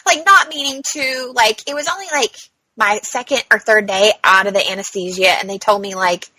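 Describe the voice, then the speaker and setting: A bright-voiced woman co-hosting a casual podcast, telling a story at an easy pace. She acts out what others said with sudden jumps up in pitch and swears freely. Close, dry sound. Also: animated, normal speed, no room sound, rough recording. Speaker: podcast co-host. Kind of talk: casual chat.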